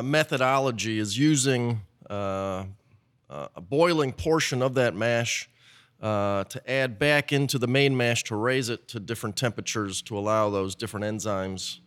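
A man who is a brewer, describing the mash process in casual podcast talk and pausing on many fillers. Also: lowish voice, a bit bright. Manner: halting, heavy with "uh" fillers.

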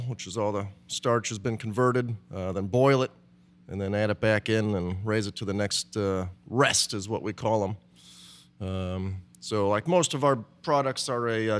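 Halting male brewer, full of fillers. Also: on the low side. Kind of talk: casual podcast chat.

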